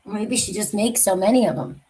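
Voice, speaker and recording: A woman's voice: medium pitch, fairly quick, dark tone, slight background noise, low-quality recording. A woman hosting a casual true crime livestream, talking in a rambling, confiding way that trails off mid-sentence.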